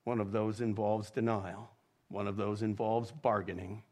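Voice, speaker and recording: A male pastor delivering a sermon in a measured, reflective way, reading quotations with feeling. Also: on the low side, level tone, darkish tone. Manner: slow, measured preaching with dramatic readings of quotes.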